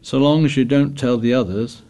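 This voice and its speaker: Male reader doing a fussy, plaintive plump schoolboy for an audiobook, mid pitch, earnest and confiding. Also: steady tone, normal speed, dark tone, close to an everyday voice. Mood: pleading. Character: anxious, fussy plump schoolboy, about twelve.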